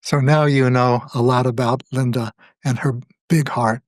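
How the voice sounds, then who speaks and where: An older man, a guest author, speaking in a slow, measured, thoughtful way in a reflective conversation. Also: medium pitch, fairly even intonation, no echo, clean studio sound.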